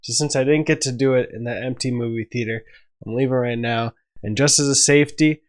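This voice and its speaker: A man vlogging casually to camera while heading to movie screenings, jokey and excitable, swearing freely and laughing mid-sentence. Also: mid-range voice, fairly quick, no room sound. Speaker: movie vlogger and podcast host. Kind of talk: casual vlog talk to camera. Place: on the move between home, car and cinema.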